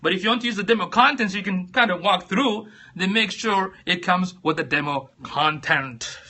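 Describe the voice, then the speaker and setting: Man, high voice, very bright tone, casual phone live-stream tips, chatty and upbeat. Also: moderate pace. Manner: upbeat, chatty, greets viewers by name mid-sentence.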